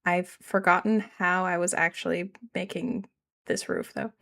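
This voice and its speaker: A woman's voice: fairly low pitch, fairly even intonation, unhurried, gravelly, fairly bright tone. A woman from Canada with a regional Canadian accent, chatting casually with her live-stream audience while building in a game, rambling and self-deprecating.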